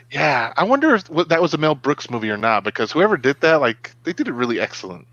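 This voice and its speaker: A man's voice: fairly high pitch, very animated, fairly quick, fairly bright tone, dry recording, lo-fi sound. A middle-aged man co-hosting a live web show, chatting casually and acting out what his kids say. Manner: storytelling, acts out quotes from his kids. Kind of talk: casual live-stream chat.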